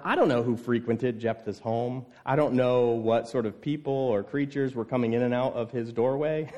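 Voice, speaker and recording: A man preaching a sermon, telling a scripture story with lively, voiced exclamations. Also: mid-range voice.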